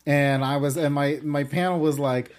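A man's voice: a little high, steady tone, moderate pace, noisy background. A chatty man hosting a fan after-show. He moderates the panel casually, keeping the talk moving with loose fillers, and he sounds as if he is on a studio mic.

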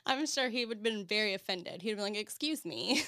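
A woman's voice: medium pitch, brisk, sharp tone, clean tone, no echo. Giggly woman host, dry close sound. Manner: giggly, laughs often. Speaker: podcast host. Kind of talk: casual chat.

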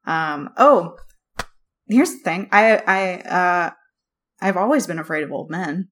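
A woman's voice: on the low side, unhurried. A young adult woman co-hosting a casual podcast, telling stories with lots of laughter and animation. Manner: animated storyteller, laughs often. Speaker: podcast co-host. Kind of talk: casual chat.

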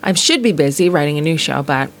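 Low woman with a gravelly edge, chatty comic, faint hiss behind. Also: animated, fast. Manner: opinionated, laughs often, acts out quotes. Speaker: comedian guest. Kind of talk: casual podcast conversation.

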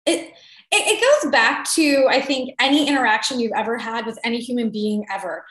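Woman podcast co-host, casual animated chat, higher voice, roomy echo. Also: brisk. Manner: chatty, animated, self-deprecating.

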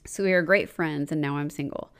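Lowish-voiced woman podcast host, laughing often. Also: clear, resonant tone. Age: 40s. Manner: laughs often, reads with dramatic pauses. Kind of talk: casual podcast chat, reading a listener letter aloud.

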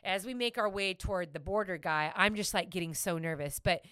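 A woman's voice: fairly low pitch, brisk, clear, resonant tone, no room sound, clean studio sound. A woman telling a travel story in casual chat, giggling and acting out quotes. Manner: animated, giggly, acts out quotes.

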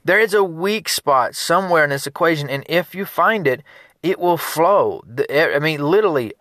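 A man, a business consultant, giving an energetic motivational talk in a conversational, repetitive way. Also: a little high, moderate pace, no echo, studio quality.

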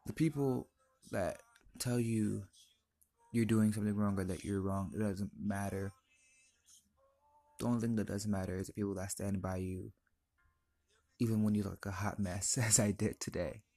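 A man's voice: on the low side, fairly even intonation, normal speed, pauses often, mellow, no echo. A teenage boy hosting his own podcast, telling a personal story in an earnest, emotional, confiding way. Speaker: podcast host.

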